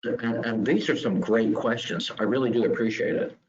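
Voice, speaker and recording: A man, a guest insurance expert and regional vice president, answering questions in a webinar in a steady, explanatory way. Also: medium pitch, normal speed, a little hiss or hum. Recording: dull lo-fi call audio.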